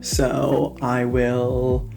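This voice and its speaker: Snarky low-voiced woman reviewing a movie. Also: monotone, extremely slow, creaky, warm tone, soft background music. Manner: snarky, mocking, peppered with swearing and "like". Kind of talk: casual sarcastic review vlog.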